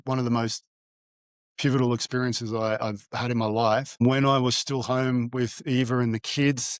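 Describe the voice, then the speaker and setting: A man's voice: medium pitch, no room sound. Reflective man, dry close sound. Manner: halting, with frequent fillers and restarts. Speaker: guest, divorced father. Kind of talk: reflective storytelling in an interview.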